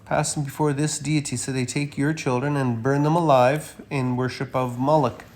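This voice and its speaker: A man giving a rambling, emphatic monologue while walking through a slideshow of images, with frequent uh fillers and sudden loud stresses. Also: medium pitch, fairly even intonation, normal speed. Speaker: commentator presenting images.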